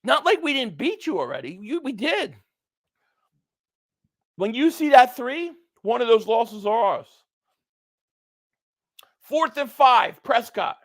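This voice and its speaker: A man hosting a live stream, reacting to a football game and reading viewer chat messages aloud, sometimes shouting at plays. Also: very high voice, expressive, moderate pace, no room sound. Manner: reads viewer super chats, shouts at plays.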